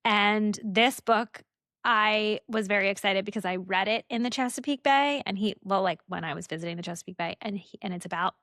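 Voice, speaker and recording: A woman co-hosting a book podcast in casual chat, talking in a chatty, animated way full of rambling asides. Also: medium pitch, fairly quick, no echo, studio quality. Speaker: podcast co-host.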